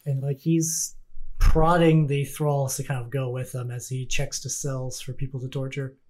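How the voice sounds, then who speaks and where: A man running a tabletop game as game master, chatting casually with quick asides and laughs. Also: medium pitch, flat delivery, darkish tone.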